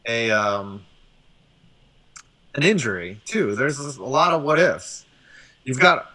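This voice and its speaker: A man hosting a casual sports chat, talking in an animated, profane way and often tossing in "right?". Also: medium pitch, rough recording. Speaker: show host.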